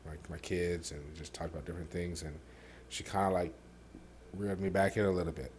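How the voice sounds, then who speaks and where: A man hosting a podcast, telling his own painful story candidly, halting with many fillers and dropping quiet on the hardest parts. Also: steady tone, a little hiss or hum. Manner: softens and drops low on painful parts. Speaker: podcast host.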